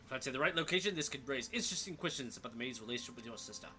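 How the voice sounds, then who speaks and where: A man's voice: medium pitch, animated, racing, very noisy. A young man streaming a story game, thinking aloud as he reads and picks choices. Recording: soft game music behind.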